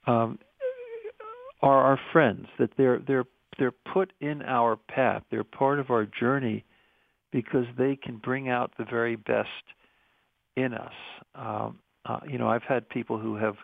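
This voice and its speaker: A deeply gravelly, creaky man talks in an earnest, musing way, often pausing and restarting as he thinks. His voice comes through thin and phone-like, with a dry, close sound. He speaks as a guest in a reflective interview. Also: dry recording. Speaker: interview guest, medical school researcher.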